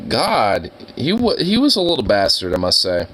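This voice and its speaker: A man's voice: medium pitch, wildly swooping pitch, normal speed, few pauses, a bit bright, slight background noise. Rowdy, foul-mouthed male streamer. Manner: rowdy and profane, laughs a lot. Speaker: live streamer. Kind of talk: casual chat.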